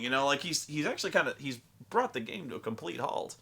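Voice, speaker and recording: A man's voice: mid-range voice, sing-song, fast talker, gravelly, bright, forceful tone, slightly rough. A man telling a tabletop gaming story in casual, profane, rambling fashion. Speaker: storyteller and host.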